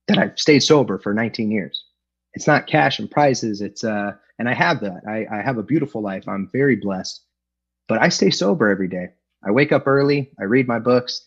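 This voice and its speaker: A middle-aged man from Los Angeles shares his recovery story at an online meeting, speaking candidly and poking fun at himself with plenty of fillers. His voice is fairly low with a breathy edge. The video-call audio sounds dull and lo-fi.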